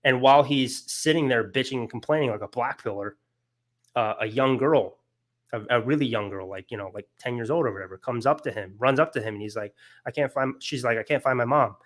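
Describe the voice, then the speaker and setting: An earnest young man gives a loose, conversational lecture. His voice sits at an ordinary middle pitch, and he piles up fillers and restarts as the ideas carry him along. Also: brisk. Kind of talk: casual lecture on philosophy.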